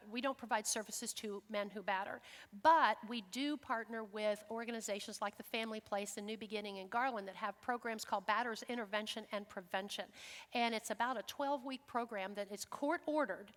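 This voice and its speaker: Woman telling lively stories in a hall. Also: mid-range voice, a little fast. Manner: lively storytelling, acts out quotes. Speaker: guest speaker. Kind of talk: lecture talk with questions. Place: church hall. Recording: long reverb of a large hall.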